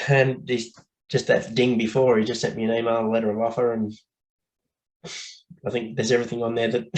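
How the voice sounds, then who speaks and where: An Australian man speaking candidly as a guest on a casual podcast, blokey and quick to laugh, swearing now and then. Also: medium pitch, a little mellow, poor audio.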